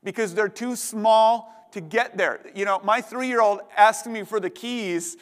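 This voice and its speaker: A man's voice: high-pitched, a little slow, in a large hall. A young man preaching a sermon as a pastor, impassioned and often repeating words as he builds his point.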